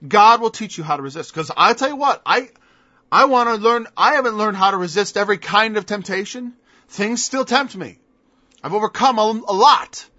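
Guy preaching, high sharp voice, lots of scoffing rhetorical questions, dull lo-fi sound. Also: moderate pace, dry recording. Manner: emphatic, mocking rhetorical questions. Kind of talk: sermon. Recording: dull lo-fi recording.

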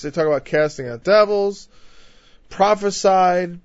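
A man's voice: high voice, normal speed, no echo. A man delivers a conversational sermon, his slightly raised voice growing more emphatic as he runs through lists. The recording is muffled and lo-fi. It is also dry, with no room sound behind him. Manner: emphatic, climbing louder through lists, with frequent "you know" asides. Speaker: preacher. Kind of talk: conversational Bible-teaching sermon.

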